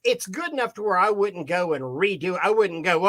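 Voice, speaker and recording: A man's voice: high voice, expressive, moderate pace, a bit bright. A man co-hosting a casual live video chat, giving frank advice with frequent restarts. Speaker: co-host.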